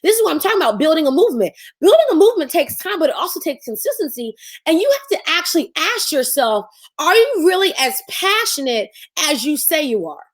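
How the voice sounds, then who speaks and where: A woman's voice: sits high, big pitch swings, a little fast, hardly any pauses. A woman business coach, teaching on a livestream in a sassy, preachy way and acting out mocking voices.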